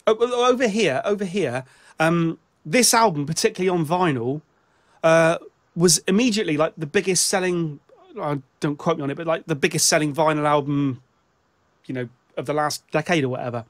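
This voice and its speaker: A British man with a notably high-pitched voice talks through a casual music chat. He halts and restarts his sentences often, feeling his way toward each point as he goes. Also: brisk. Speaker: show host.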